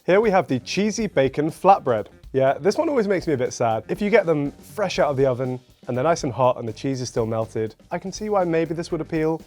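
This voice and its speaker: A British man hosting a casual food review, dry and matter-of-fact with a gently wry tone. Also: a little high, lively intonation, a little fast, hardly any pauses, soft background music. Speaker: food show host.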